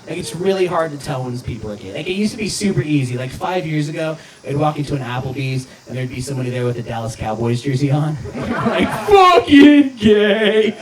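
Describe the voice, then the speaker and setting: A man's voice: medium pitch, fast talker, a little mellow, echoey room, a little hiss or hum. A man doing a stand-up comedy set, crude and self-interrupting, often laughing at his own jokes. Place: outdoor backyard show. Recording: live crowd recording from far off. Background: audience laughing.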